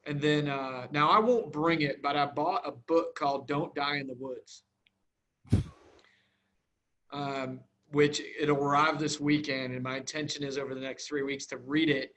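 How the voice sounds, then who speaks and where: A man's voice: medium pitch, fairly bright tone. A man co-hosting a podcast in casual chat, hesitant with many fillers, and defensive when teased. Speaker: podcast co-host.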